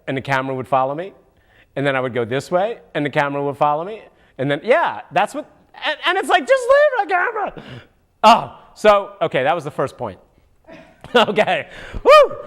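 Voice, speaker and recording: A man's voice: sits high, animated, fairly quick, a bit bright. A man voicing a wisecracking male monkey puppet in a comic political commentary, goofy and mocking, with sudden whooping outbursts. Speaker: puppet show host.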